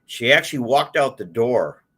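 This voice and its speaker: A man's voice: mid-range voice, animated, normal speed, fairly bright tone. A man in his sixties from Detroit, telling his life story as a guest in a casual chat, with lots of fillers and restarts. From Detroit, USA. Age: 60s. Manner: rambling, with many fillers and restarts. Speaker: guest, collector.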